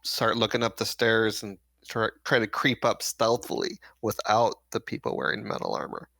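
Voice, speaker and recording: Gravelly casual player man. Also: on the low side, big pitch swings, moderate pace, sharp tone, dry recording. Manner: joking, plain-spoken. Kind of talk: casual tabletop play.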